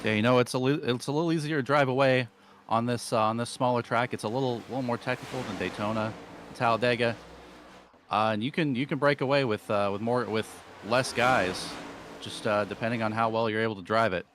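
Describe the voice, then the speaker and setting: A man giving race analysis in a halting, explanatory way with many fillers. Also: mid-range voice, fairly even intonation, noisy background. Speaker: racing analyst.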